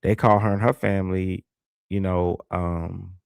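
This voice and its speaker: Livestream host, male, deep and gravelly, loose rambling delivery. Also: steady tone, measured pace, no room sound, studio quality. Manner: laid-back, rambling storytelling with fillers; reads viewer comments aloud. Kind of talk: casual livestream chat.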